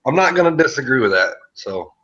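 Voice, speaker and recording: A man's voice: medium pitch, very animated, brisk, sharp tone. A man in a casual online voice chat, trading sarcastic insults and jokes. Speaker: voice chat participant. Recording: dull lo-fi online voice chat audio.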